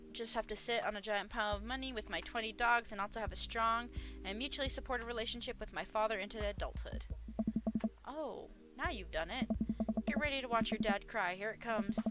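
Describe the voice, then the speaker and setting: A woman hosting a let's play, reading out all of the game's dialogue and narration in her own voice, jokey and quick to laugh. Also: on the high side, background noise. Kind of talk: reading game dialogue aloud. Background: game music.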